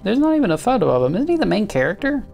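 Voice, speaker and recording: A man's voice: high-pitched, wildly swooping pitch, rapid-fire, vocal fry, a little mellow, soft background music. A man hosting a comedy show, ranting sarcastically and rambling while he gets his makeup done. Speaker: host.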